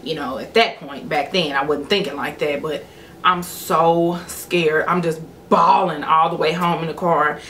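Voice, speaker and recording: A woman's voice: low-pitched, fairly even intonation, unhurried, fairly bright tone, a little hiss or hum. A woman in her thirties, a vlogger telling a personal story in a candid, emotional way.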